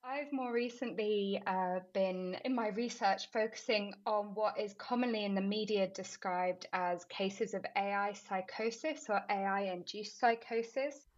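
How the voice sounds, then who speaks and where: A woman philosophy lecturer explaining her research in a measured, academic way. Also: mid-range voice. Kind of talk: expert interview. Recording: dull, muffled audio.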